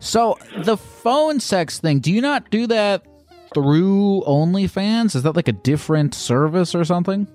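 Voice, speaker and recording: A man's voice: high voice, lively intonation, measured pace, darkish tone, faint music behind. A man hosting a casual interview, asking curious questions that often stumble and restart. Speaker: host.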